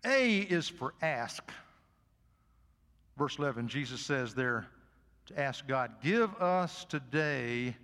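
An older man and pastor preaching a sermon in a church. He is folksy and swings from loud emphatic peaks to soft asides. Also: mid-range voice, sing-song, slow pace, long pauses, big-room sound. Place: church sanctuary.

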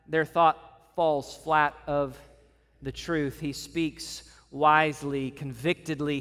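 A man's voice: on the high side, fairly bright tone, smooth. A pastor preaching a sermon to his church, earnest and building his points through repeated phrases and lists. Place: church meeting room. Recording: long reverb of a hall.

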